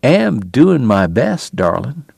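An audiobook narrator voicing a dying gentle gambler who speaks softly and with resignation to the woman he loves. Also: medium pitch, big pitch swings, takes it slowly, creaky, slightly rough, no echo, full character voice. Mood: soothing. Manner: soft, resigned, soothing. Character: dying gentle gambler man, weary and tender.

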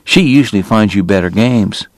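Man voicing soft-spoken frontier friend. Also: fairly low pitch, normal speed, no room sound, natural voice. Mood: gentle.

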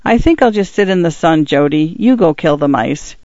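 Old pioneer grandfather, gentle, tired, slow, read by a man, dry and muffled. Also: on the high side, animated, no echo. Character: proud old male pioneer, gentle and hurt.

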